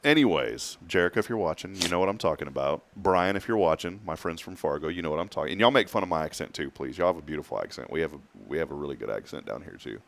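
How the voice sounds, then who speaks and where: Male morning host, deep voice, rambling storyteller who laughs a lot. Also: animated, quick pace, vocal fry, few pauses, fairly bright tone, a little hiss or hum. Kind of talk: casual chat.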